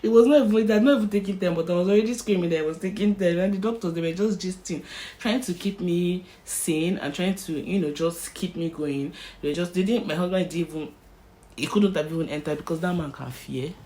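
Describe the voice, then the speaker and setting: A young Nigerian woman with a Nigerian accent, telling a personal story in an animated storytime vlog and slipping into Pidgin. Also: on the low side, a little fast. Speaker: vlogger.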